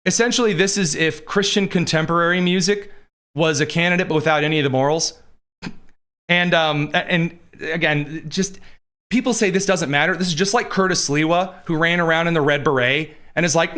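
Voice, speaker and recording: A man's voice: a little high, a little fast, sharp tone. A man hosting a political commentary show, talking in a sarcastic, rambling way. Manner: sarcastic, digressive. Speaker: host.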